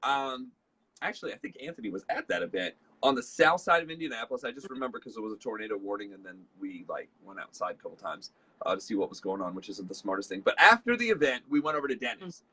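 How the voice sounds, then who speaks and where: A chatty man hosts a casual leadership talk. His voice is bright and a little husky. He tells stories loosely, full of fillers, and acts out the lines of the people in them. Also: mid-range voice, sing-song, fast. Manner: chatty storyteller, acts out dialogue, many fillers. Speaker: host.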